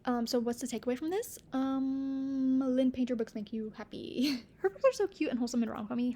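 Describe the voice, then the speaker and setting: A young woman chats to camera about her favorite books, gushing and giggling, now and then sinking to a near-whisper. Her voice sits a little high, with a gravelly edge and a mellow tone. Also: a little fast, a little hiss or hum. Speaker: book vlogger. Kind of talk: casual chat to camera.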